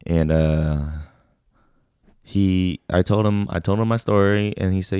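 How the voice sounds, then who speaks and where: A young man, a podcast co-host and army veteran from Sacramento, telling a story in casual chat, animated and swearing freely, acting out shouted drill exchanges. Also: sits low, unhurried, clear, resonant tone, no echo, clean studio sound.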